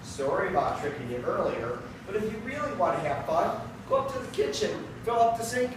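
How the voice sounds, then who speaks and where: Man doing a teasing fire chief giving orders; high-ish voice, distant and boomy with room noise. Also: expressive, fairly quick. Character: bossy, tricky grown man fire chief. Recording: very echoey room, from far off, noisy.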